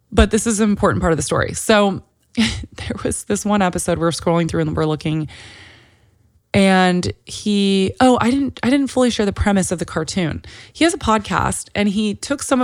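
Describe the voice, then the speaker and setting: A woman's voice: on the low side, dry recording, studio quality. A woman in her thirties hosting a podcast, telling a personal story in a chatty, emotionally open way, full of "like" fillers. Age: 30s. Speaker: podcast host.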